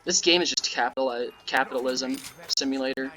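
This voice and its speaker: A young man giving casual, rambling gameplay commentary that breaks into sudden yelling at the game. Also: medium pitch, a little fast, soft background music, poor audio. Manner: rambling, offhand, with sudden yelled outbursts at the game. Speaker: gaming YouTuber.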